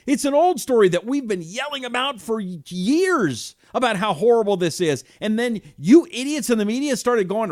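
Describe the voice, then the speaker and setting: A man in his fifties hosting a political talk show, reading viewer comments and reacting with indignation, dropping to a hush and then rising loud. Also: very high-pitched, big pitch swings, moderate pace, few pauses, no room sound, studio quality. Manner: heated and indignant, swings from hushed to loud.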